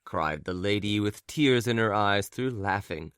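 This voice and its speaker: Man reading a classic audiobook, slow and steady, dry close sound. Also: fairly low pitch, clear, resonant tone, no room sound. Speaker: audiobook narrator. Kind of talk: scripted narration.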